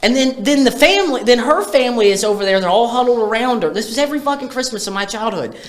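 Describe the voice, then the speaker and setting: A woman co-hosting a podcast, telling stories in an animated, profane way. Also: fairly high pitch, fast. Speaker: podcast co-host. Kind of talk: casual podcast chat.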